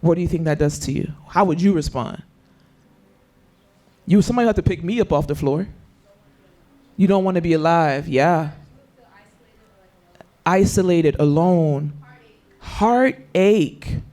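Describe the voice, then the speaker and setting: A man with a high voice leads a youth Bible lesson in a meeting room. He keeps questioning his listeners and puts drama into every scripture line he quotes. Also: a little slow, long pauses, a little mellow. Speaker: youth Bible study leader.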